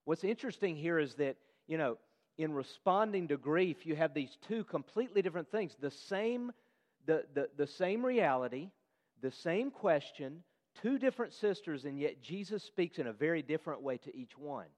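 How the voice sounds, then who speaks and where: A man's voice: fairly high pitch, expressive, moderate pace, darkish tone. A man preaching a sermon in an earnest voice, asking his listeners questions as he explains the passage. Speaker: pastor. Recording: long hall reverb.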